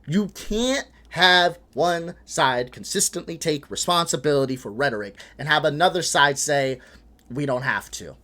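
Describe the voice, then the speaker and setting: Animated, exasperated man reacting to clips. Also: a little high, normal speed. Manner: frustrated, swearing, animated, laughs in between. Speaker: reaction video host. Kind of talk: casual reaction commentary.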